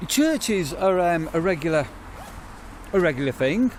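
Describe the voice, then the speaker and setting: Man vlogger, high-pitched, chatty and teasing, tells long rambling stories. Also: very animated, unhurried, slight background noise. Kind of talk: casual vlog chat. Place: at home at night.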